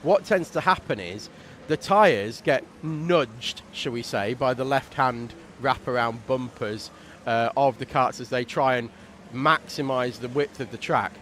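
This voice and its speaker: A man doing relaxed, chatty commentary on a live race stream, explaining things at length. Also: mid-range voice, unhurried, slight background noise.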